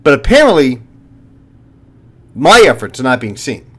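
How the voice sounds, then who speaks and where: A man's voice: mid-range voice, very animated, moderate pace, a bit bright. A retired police officer in his fifties, a channel host talking to viewers in a blunt, profane, lecturing monologue.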